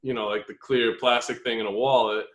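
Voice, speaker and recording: Male podcast co-host, easygoing, halting delivery, casual banter. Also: medium pitch. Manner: relaxed, hesitant, many fillers. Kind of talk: casual chat.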